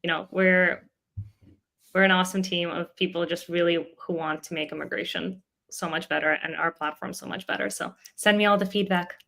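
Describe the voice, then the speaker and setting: A young adult woman, a startup co-founder, telling a story in a casual interview with lively laughs along the way. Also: fairly low pitch, a little fast, vocal fry. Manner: animated, laughs often while telling a story.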